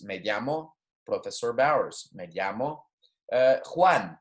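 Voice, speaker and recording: A man's voice: mid-range voice, animated, unhurried. A man teaching a Spanish lesson as a recorded lecture, explaining with frequent fillers and checks like "right?", and modeling phrases with a strongly rising question tone.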